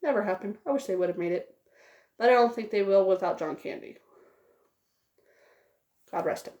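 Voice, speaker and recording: A woman's voice: mid-range voice, normal speed, darkish tone, echoey room. A woman giving a casual spoken movie review, rambling with many fillers.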